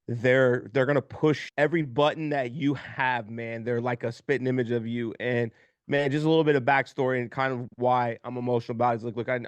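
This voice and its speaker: A man's voice: medium pitch, clean tone, no room sound. A man in his thirties, a podcast guest, telling his life story openly and with emotion, often repeating words as he talks and swearing casually.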